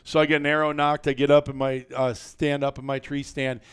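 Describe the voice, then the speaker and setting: A man recounts a story for a podcast with a clean, resonant tone that sits slightly high for a man. He tells it with animated energy and the odd curse word. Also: fairly quick, clean tone. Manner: animated, colorful storyteller with mild cursing. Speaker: guest hunter.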